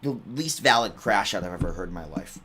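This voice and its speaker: A man's voice: sits low, expressive, brisk, pushed and bright, husky. A young man telling rambling, casual stories at halftime of an online game broadcast, with bursts of exaggerated outrage.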